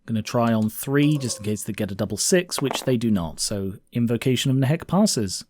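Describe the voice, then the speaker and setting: A man's voice: mid-range voice, animated, fairly quick, a little mellow, slight background noise. A man casually narrating his own tabletop wargame, thinking aloud with frequent fillers.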